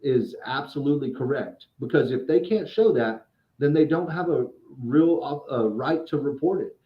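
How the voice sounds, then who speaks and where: A man's voice: medium pitch, expressive, moderate pace, echoey room, lo-fi sound. A man in casual podcast chat, a credit repair specialist explaining things at length, often restarting and repeating words.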